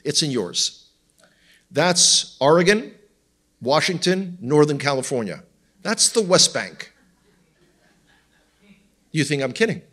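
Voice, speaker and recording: A tour guide and guest speaker with an Israeli accent gives a humorous teaching talk with slides in front of a church congregation, full of wry jokes and asides to the audience. His mid-range voice sounds a bit bright.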